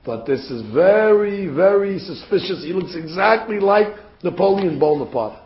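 A man's voice: high-pitched, animated, normal speed. A man voicing Russian army officers who gossip in a bar, in a roomy, dull recording. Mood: suspicious. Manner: incredulous, chatty.

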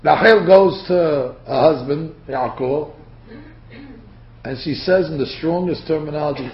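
A man's voice: a little high, moderate pace, a little hiss or hum. A man teaching a Torah lecture to a class, acting out the quotes as he goes. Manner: animated, acts out quotes. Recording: dull lo-fi lecture recording.

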